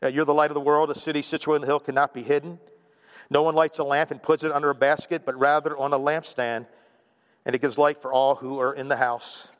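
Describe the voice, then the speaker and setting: A middle-aged male pastor preaches in an easy, conversational way, tossing in "right?" and playing out little quoted voices. His voice sits a bit high for a man, and it rings with the long reverb of a church hall. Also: level tone, fast. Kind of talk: sermon.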